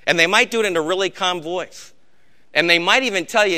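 An older, gray-bearded pastor with a high voice preaches quickly, urging his congregation on as he swings between hushed warnings and shouted exhortation.

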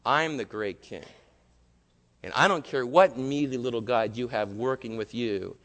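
A man's voice: mid-range voice, unhurried, a bit bright, voice pushed down. A preacher playing a sneering proud king. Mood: scornful. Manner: sneering, contemptuous. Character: scornful proud ancient king, dismissive. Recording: long hall reverb.

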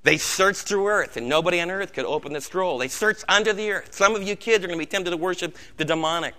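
An American man preaching a sermon with passion, swinging between loud outbursts and hushed low tones. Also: quick pace. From United States. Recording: long reverb of a large hall.

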